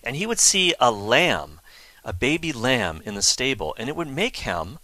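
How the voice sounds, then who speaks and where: A man's voice: medium pitch, very animated, normal speed, pushed and bright, no room sound. A man telling the life of a saint in a chatty, enthusiastic way, with asides and fillers. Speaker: Catholic speaker telling a saint's story. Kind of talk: casual storytelling talk.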